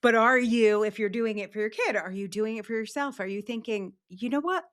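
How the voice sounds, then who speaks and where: A woman talking as a guest on a podcast, telling lively stories from her own life. She acts out the people in them with quick little voices. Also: a little high. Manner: animated storyteller, acts out quoted voices. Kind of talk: casual interview talk.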